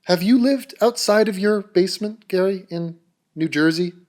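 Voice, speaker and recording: A man's voice: sits high, normal speed, darkish tone. A man delivering a mocking, sarcastic vlog rant straight to camera. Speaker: YouTuber.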